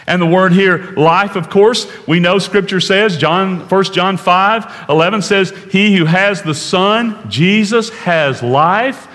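A man preaching a sermon in an earnest way, slowing down to stress key words and dropping to a hush at times. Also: high voice, lively intonation, long reverb tail. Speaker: pastor.

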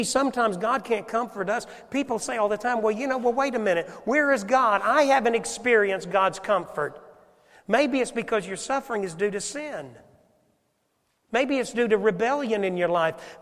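A pastor preaches in a church sanctuary, his voice high for a man and ringing with long hall reverb. He fires question after question at the congregation, switching between loud emphasis and quiet, hushed asides.

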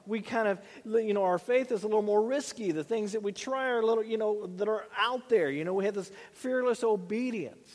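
A man's voice: sits high, darkish tone, in a large hall. A middle-aged man preaching a sermon in a loose, conversational way, often repeating words and using fillers. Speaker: pastor.

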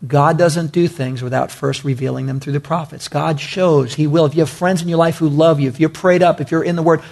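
A man's voice: a little high, fairly even intonation, a little fast, creaky, darkish tone. A man preaching a sermon, emphatic and repetitive, talking directly to his congregation. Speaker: pastor.

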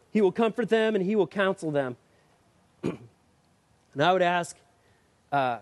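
A man with a high voice delivers a sermon in a relaxed, conversational way, leaning into emphatic questions for his listeners. The sound is dry and close, with little room around it. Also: no echo. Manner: conversational and emphatic, rising to urgent appeals. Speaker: pastor.

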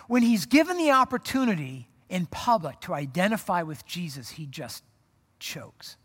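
Casual: pastor telling a bible story all chatty and animated, echoey church hall. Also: mid-range voice. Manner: casual and animated, acts out dialogue with laughs. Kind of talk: sermon. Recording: long reverb from a hall.

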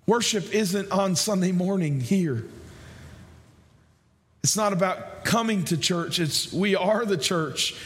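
A man preaching a sermon as pastor, conversational, repeating phrases and slowing down to stress key lines. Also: high-pitched, a bit bright.

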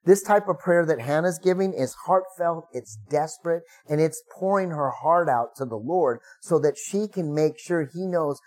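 A man's voice: fairly high pitch, moderate pace, few pauses, a little mellow. A middle-aged man, a pastor, preaching a sermon in a conversational way, acting out the prayers he quotes with rising emphasis.

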